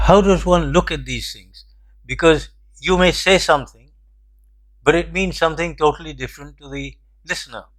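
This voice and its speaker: An older man hosting a commentary show, telling a personal anecdote in a measured, reflective way. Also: on the high side, a bit bright. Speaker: host. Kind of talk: storytelling commentary.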